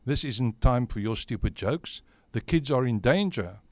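A man's voice: mid-range voice, lively intonation, measured pace, a little mellow, no echo, close to an everyday voice. A man voicing a good female witch in a storybook tale who scolds and urges. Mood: urgent. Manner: urgent, scolding. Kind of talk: storybook voice acting.

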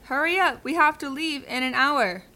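A woman voicing a calm, decisive English gentleman in a children's cartoon, speaking crisply and giving orders. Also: sits high, normal speed, voice pushed up. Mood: brisk.

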